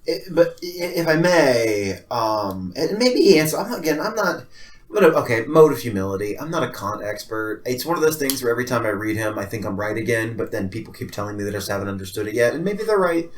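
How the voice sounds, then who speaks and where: A man co-hosting a casual philosophy podcast, talking in an animated way, swearing often and acting out little scenes. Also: mid-range voice, fast, a little hiss or hum. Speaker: podcast co-host.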